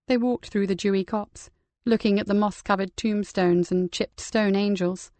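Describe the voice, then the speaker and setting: A woman narrating a crime novel audiobook in a calm, even storytelling manner. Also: mid-range voice, moderate pace, few pauses, no echo.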